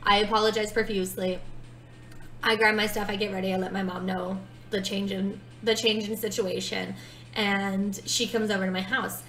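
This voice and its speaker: A woman's voice: mid-range voice, level tone, moderate pace, a bit bright, roomy sound, low-quality recording. A woman in her twenties telling a personal story in a casual vlog, chatty and full of fillers. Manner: chatty, many "like" fillers, dramatic retelling. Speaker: storytime vlogger.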